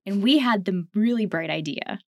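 A woman's voice: medium pitch, animated, normal speed, a little mellow, no echo. Woman, from Canada, podcast co-host, chatty storyteller, laughs often, dry close sound. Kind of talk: casual reflective conversation.

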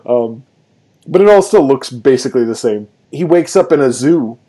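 Man, podcast co-host, casual film chat, animated retelling, quoted scene voices, remote recording. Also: mid-range voice, normal speed, breathy edge.

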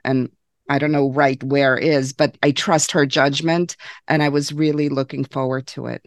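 Deep, gravelly woman with deadpan jokes. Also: normal speed, no echo, studio quality. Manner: deadpan joking. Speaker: podcast co-host. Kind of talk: casual book-club chat.

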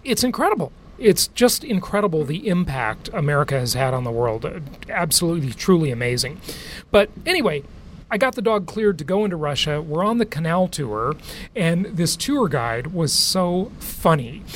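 A man hosts a podcast in an easy, chatty style, laughing as he tells stories. His voice sits a little high for a man. A faint background hiss runs under the recording. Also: very animated, moderate pace, fairly bright tone. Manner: chatty, laughs often, storytelling. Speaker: podcast host. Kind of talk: casual monologue and interview. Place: aboard a cruise ship.

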